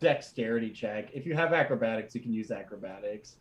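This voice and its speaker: A man's voice: lowish voice, lively intonation, brisk. A man narrating as game master in a loose, laughing way.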